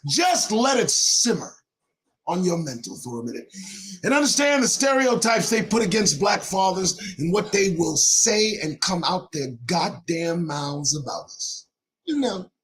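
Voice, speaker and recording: A man in his forties, hosting a show, talking to viewers in a preachy, joking way that breaks into shouting, his voice going hoarse. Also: high-pitched, sing-song, unhurried. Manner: preachy, jokey, bursts into shouting. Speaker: show host. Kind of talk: monologue to viewers.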